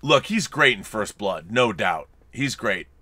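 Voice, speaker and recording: This co-host of a livestream podcast has a lowish, slightly slow voice with a breathy edge and no room sound. He chats casually and animatedly, reading viewer messages aloud in playful voices and tossing in asides.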